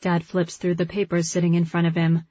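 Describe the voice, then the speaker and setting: Husky woman narrating an audiobook. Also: fairly low pitch, completely flat delivery, fairly quick, warm tone, no echo. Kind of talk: first-person scripted narration. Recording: dull lo-fi recording.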